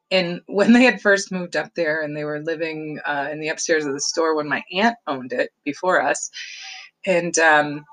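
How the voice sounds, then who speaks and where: A woman's voice: fairly low pitch, a bit bright, poor audio. A woman telling family stories in a casual, rambling vlog monologue, often laughing and restarting her sentences. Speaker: vlogger.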